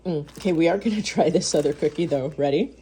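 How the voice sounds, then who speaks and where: Gushing with gasps and moans, a woman food vlogger unboxes and samples baked goods in her home kitchen. She talks quickly in a low, warm voice, with slight background noise.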